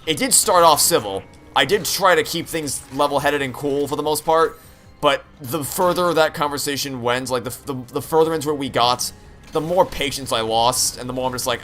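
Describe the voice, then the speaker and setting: A man's voice: medium pitch, normal speed, a bit bright, faint music behind. A young man streaming a game, rambling candidly with frequent restarts and profanity. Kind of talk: live-stream chat while gaming.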